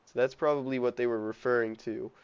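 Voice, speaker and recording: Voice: medium pitch, steady tone, fast, smooth, lo-fi sound. A gamer musing aloud in casual gameplay commentary. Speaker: let's play gamer.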